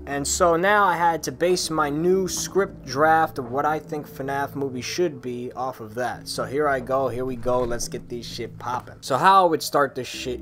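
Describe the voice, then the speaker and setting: Hyped guy ranting casually, curses a lot, medium voice. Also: medium pitch. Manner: excitable, profane, emphatic. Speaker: video creator. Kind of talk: casual commentary monologue.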